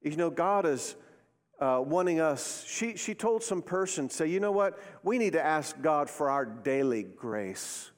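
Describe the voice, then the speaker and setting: A man's voice: fairly high pitch, big pitch swings, measured pace, in a large hall. A male pastor preaching a sermon, leading his congregation in call-and-response with rising, emphatic phrases. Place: church sanctuary.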